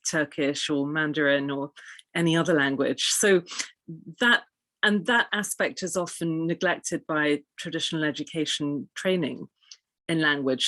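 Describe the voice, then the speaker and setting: A woman, an interview guest and pronunciation coach, explaining in an articulate, measured way. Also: low voice, fairly bright tone, no room sound.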